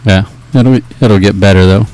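A man giving a matter-of-fact fishing report on a talk show, steady and plainspoken. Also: fairly low pitch, normal speed.

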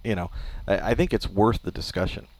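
A man's voice: lowish voice, brisk, a little mellow, slight background noise. Teasing male fishing show host. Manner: teasing, mock-indignant rants. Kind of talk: joking casual chat.

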